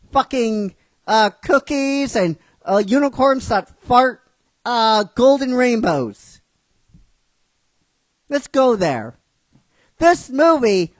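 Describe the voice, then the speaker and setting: A woman hosting a show, ranting in excited disbelief, swearing and laughing. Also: high voice, no echo. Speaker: host. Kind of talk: casual ranting commentary.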